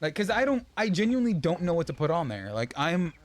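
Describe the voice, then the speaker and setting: A young man streaming a game and chatting casually, rambling with many restarts and quick laughs. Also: a little high, big pitch swings. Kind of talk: casual chat while gaming.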